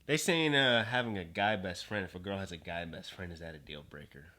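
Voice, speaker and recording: A man's voice: sits low, a little fast, sharp tone. A man as a podcast guest in casual chat, hesitant and rambling with many fillers.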